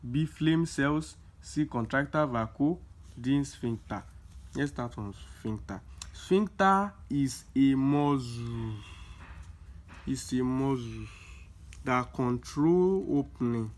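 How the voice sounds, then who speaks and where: A man's voice: mid-range voice, animated. Repetitive man tutoring exam prep. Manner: explains slowly with many repeats, emphatic. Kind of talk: casual exam-prep lesson.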